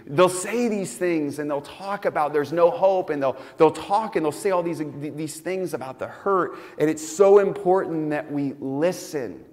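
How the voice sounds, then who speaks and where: A man's voice: fairly high pitch, darkish tone. A pastor preaching a sermon in an earnest, emphatic way, repeating phrases to build his point. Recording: long hall reverb.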